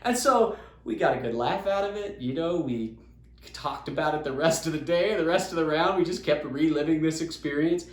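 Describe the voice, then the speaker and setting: A young man from Utah tells a story on his podcast in a lively, chatty way and acts out the bits he quotes. His voice sits a little high for a man. The room adds a noticeable echo. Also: moderate pace. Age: young adult. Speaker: podcast host. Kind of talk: casual storytelling. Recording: roomy echo.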